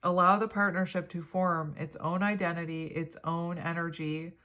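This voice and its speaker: A woman in her thirties giving a pick-a-card tarot reading at home, talking gently and rambling with fillers. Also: on the low side, flat delivery, normal speed. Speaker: tarot reader.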